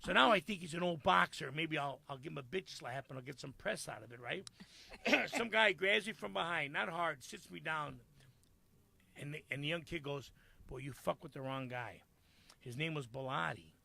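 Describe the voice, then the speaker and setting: An older man, a comedian guest telling a profane, animated story in casual chat. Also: fairly high pitch, normal speed, vocal fry.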